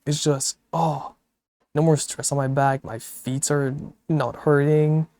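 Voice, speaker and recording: A sleepy man streams from home late at night, seated and relaxed, casually chatting, laughing and swearing with viewers. His fairly high voice barely shifts in pitch, moves slowly and sounds a little mellow, captured with no room sound via a desktop mic and mixer.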